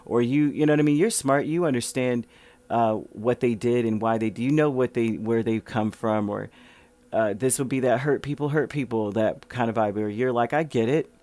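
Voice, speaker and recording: A man's voice: medium pitch, moderate pace, mellow. A man giving a casual tarot reading, talking in a chatty, rambling way with many fillers and restarts. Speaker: tarot reader.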